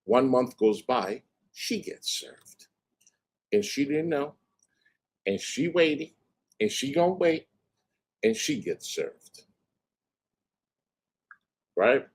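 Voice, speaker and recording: A man hosting a livestream, telling a story in a casual, animated and profane way and mimicking other people's voices. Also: mid-range voice, slow pace, long pauses, breathy edge. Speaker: livestream host.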